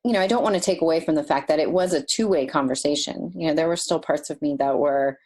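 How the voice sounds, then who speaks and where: A woman guest telling a personal story in a podcast interview, animated and emotional, laughing now and then. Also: sits low, fast talker.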